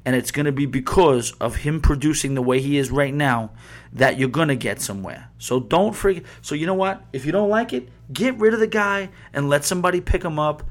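A man's voice: fairly high pitch, expressive, moderate pace. Heated, profane man ranting on a podcast. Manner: heated, profane, rambling with restarts. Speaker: podcast host. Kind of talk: casual sports podcast rant.

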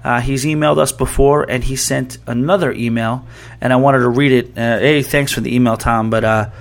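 A man's voice: mid-range voice, fairly even intonation, a little fast. Chatty male podcast host. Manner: rambling, restarts mid-sentence, reads listener email aloud. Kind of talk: casual sports talk.

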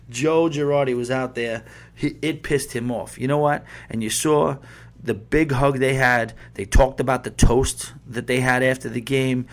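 A man hosting a sports podcast, ranting in a heated, profane, rambling way full of restarts and asides. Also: mid-range voice. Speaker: podcast host. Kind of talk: casual sports podcast rant.

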